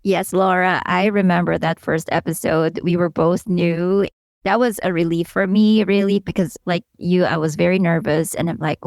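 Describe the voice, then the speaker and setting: A woman's voice: on the low side, steady tone, normal speed, vocal fry, darkish tone, dry recording, clean studio sound. A woman co-hosting a podcast, talking earnestly and thanking her colleagues with a laugh. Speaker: podcast co-host. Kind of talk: casual podcast chat.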